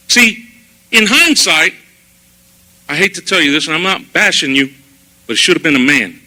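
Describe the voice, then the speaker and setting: Man doing church testimony, high and sharp-toned voice, animated storyteller. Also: normal speed, pauses often, low-quality recording. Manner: animated storytelling, acting out his own past words. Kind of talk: personal testimony sermon. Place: church service.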